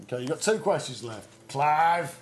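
A man's voice: a little high, expressive, normal speed. A man playing quizmaster in a comedy quiz, flustered and teasing as he reads out clues. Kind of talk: mock quiz show banter.

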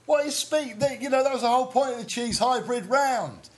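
A man's voice: very high-pitched, fairly quick. A man playing quizmaster in a comedy quiz, flustered and teasing as he reads out clues. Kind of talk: mock quiz show banter.

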